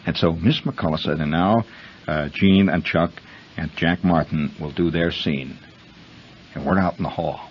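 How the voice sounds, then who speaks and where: A man's voice: deep voice, slight background noise. A man hosting a radio show, telling a long rambling story to his listeners and calling them friends. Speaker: radio host. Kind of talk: storytelling monologue. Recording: muffled vintage radio broadcast.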